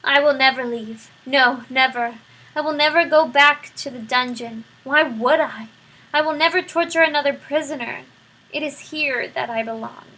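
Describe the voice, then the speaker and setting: A woman voicing a sly, smooth-talking male rat from a storybook, soft and mock-polite. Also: high voice, normal speed, full character voice, low-quality recording. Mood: delighted.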